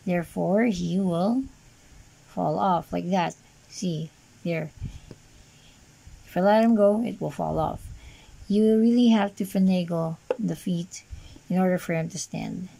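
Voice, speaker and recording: Gravelly-voiced woman rambling through a toy review. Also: fairly low pitch, a little slow, pauses often, warm tone, poor audio. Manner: rambling, hesitant, many fillers, dry sarcastic asides. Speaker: toy collector reviewing an action figure. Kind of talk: casual unscripted toy review.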